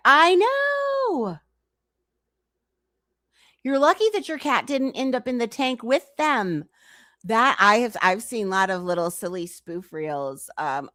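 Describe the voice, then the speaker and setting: A woman's voice: fairly high pitch, a bit bright, no room sound, clean studio sound. A woman streamer giving reaction commentary on a clip, incredulous and teasing as she talks back to it.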